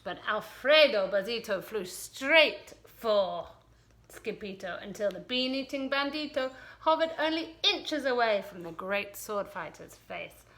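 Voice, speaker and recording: Bright high woman reading a storybook slowly. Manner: playful, slow expressive reading, sometimes breaking to scold a puppy. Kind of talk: children's picture-book read-aloud.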